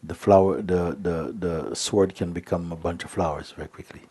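A man giving a spiritual talk, telling a story in an unhurried way with many hesitations. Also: deep voice, steady tone, warm tone, breathy edge. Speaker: spiritual teacher.

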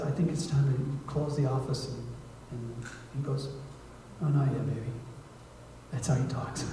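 A man preaching as a guest missionary in a church sermon, conversational, acting out prayers and dialogue, moving from hushed asides to loud appeals. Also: mid-range voice, slight background noise. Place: church sanctuary. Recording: echoey church hall, mic at a distance.

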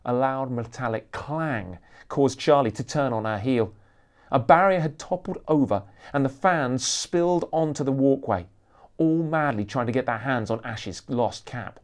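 A man reading aloud from his own thriller novel, lively and expressive in his narration. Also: medium pitch. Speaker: author reading his book.

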